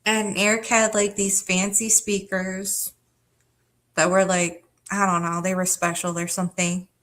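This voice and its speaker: A woman's unhurried, slightly bright voice stays at medium pitch with little movement as she hosts a livestream. Her story to the chat is personal and rambling, told in casual, profane talk packed with fillers and regular laughter.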